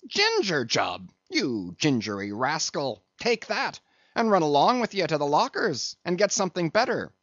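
This is a brash old-ship sailor mate, as a man puts him on for an audiobook, loud and mocking, his voice leaping wildly high. The sound is dry and a little muffled. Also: wildly swooping pitch, dry recording, exaggerated voice. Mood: blustering. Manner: loud, mocking, fast-rising outbursts. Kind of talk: audiobook reading.

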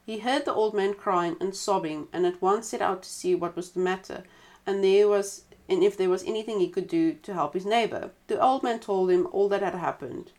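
A woman reading a folk tale aloud in a relaxed way, stopping now and then for chatty side comments. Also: medium pitch, moderate pace. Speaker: storyteller.

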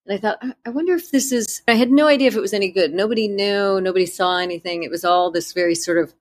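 A woman's voice: mid-range voice, fairly even intonation. Candid woman author telling her story. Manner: candid, self-deprecating, halting restarts. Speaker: author being interviewed. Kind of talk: conversational interview storytelling.

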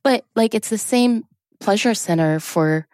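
A woman's voice: medium pitch, a little slow, a little mellow, dry recording, clean studio sound. A woman, a drama therapist, talking as a guest in a casual interview, explaining earnestly and laughing easily.

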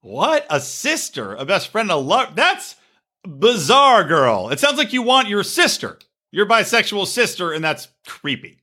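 A man with a high, very bright voice that leaps around as he riffs on reality TV. He jokes crudely, now and then breaking into shrieking impressions. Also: very animated, moderate pace. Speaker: podcast co-host. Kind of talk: casual comedic chat.

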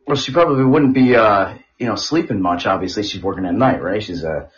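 A man's voice: on the low side, a little fast. A man co-hosting a comedy podcast, loosely joking and giggling through crude banter. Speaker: podcast co-host. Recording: dull lo-fi audio.

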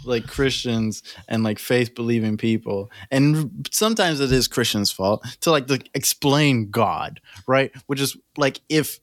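A man co-hosting a podcast in casual chat, rambling and animated, leaning on "like" fillers. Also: medium pitch, a little slow, hardly any pauses, dry recording, clean studio sound. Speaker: podcast co-host.

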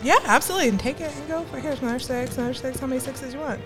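A bubbly woman bantering playfully through a live tabletop game. Her voice sits somewhat high, with music clearly present behind her. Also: very fast. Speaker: player. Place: convention stage, live audience.

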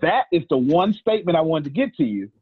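Guy running a live teaching talk, husky voice, thin phone-line sound, calls folks by name. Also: a little high, quick pace, dry recording. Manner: animated, colloquial, calls on listeners by name. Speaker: teacher and host. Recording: tinny phone-like dry line.

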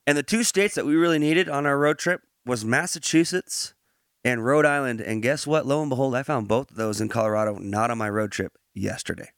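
A man hosting a podcast, moving from relaxed chat into a Bible teaching, laughing easily and using many fillers and restarts. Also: medium pitch, fairly quick, no room sound, studio quality.

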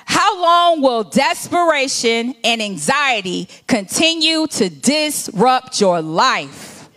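A woman's voice: high-pitched, fairly bright tone. A woman minister preaching a conversational sermon, acting out scenes from the scripture.

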